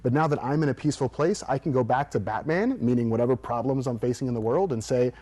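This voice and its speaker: A man in an interview, telling stories at a fast clip and acting out the quotes. His voice is dark and mellow. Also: mid-range voice. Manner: animated storyteller acting out quotes. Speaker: mental performance coach. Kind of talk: guest storytelling in an interview.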